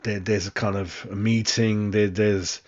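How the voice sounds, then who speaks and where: A man's voice: on the low side, level tone, measured pace, darkish tone, dull audio. A man hosting a fan live stream, rambling casually and calling everyone mate. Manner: chatty, rambling, says mate constantly. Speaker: fan channel host.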